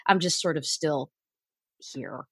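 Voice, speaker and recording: A woman from Miami, a guest on a podcast, talking casually with wry humor, halting restarts and frequent laughs. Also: deep voice, fairly bright tone, slightly rough, dry recording, clean studio sound. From Miami, Florida.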